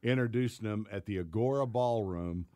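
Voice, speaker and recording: A man from Tennessee with a fairly low voice sits in as a radio guest. He reminisces in a relaxed, self-deprecating way. The sound is close and dry. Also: normal speed, no echo. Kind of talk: casual radio chat.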